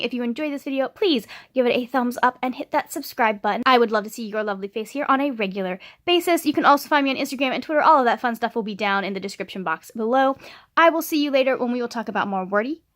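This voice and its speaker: A chatty woman in a casual book vlog, her voice pitched a little high. She talks in an animated, rambling way, with ums and restarts. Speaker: book vlogger. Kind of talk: casual reading vlog chat.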